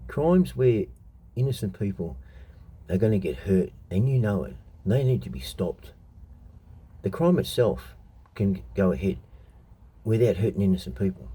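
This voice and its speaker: A man's voice: low-pitched, lively intonation, normal speed, dark tone, slightly rough. A middle-aged Australian man in a blunt, profane, heated monologue, telling stories from his past as a show host. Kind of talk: unscripted monologue.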